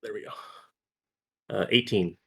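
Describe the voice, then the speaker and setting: A man's voice: lowish voice, measured pace, gravelly, pushed and bright, husky. A man playing a tabletop game, hesitantly describing his character's actions. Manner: hesitant, with many fillers. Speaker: player.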